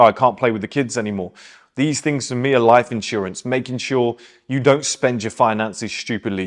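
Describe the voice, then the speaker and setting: A young man speaks in a blunt, emphatic, preachy way, like a motivational host lecturing his audience. His voice sits at an ordinary middle pitch. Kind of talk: motivational monologue.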